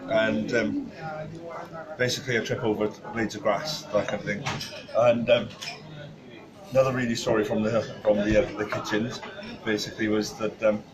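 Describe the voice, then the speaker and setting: A man's voice: on the low side, little pitch movement, moderate pace, rough recording. Man telling stories over crowd noise. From Wales. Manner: chatty storyteller, many fillers and restarts. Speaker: podcast guest. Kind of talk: casual chat. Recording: crowd chatter behind.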